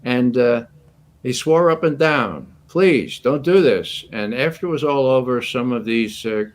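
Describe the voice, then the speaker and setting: A man in his eighties, a guest commentator, telling stories in an animated, anecdotal way and chuckling often. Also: mid-range voice, normal speed. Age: 80s. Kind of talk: casual storytelling commentary.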